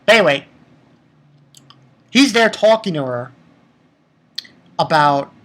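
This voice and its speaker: Man, anime reviewer, slow unhurried delivery, swears freely, stammers and restarts, emotional casual rant. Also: on the high side, expressive, a bit bright. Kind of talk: casual spoken episode review.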